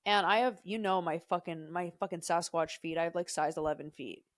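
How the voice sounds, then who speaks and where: A young podcast co-host speaks briskly in a lowish voice, recorded dry with clean studio sound. During casual conversation she tells a profane story that meanders through plenty of digressions.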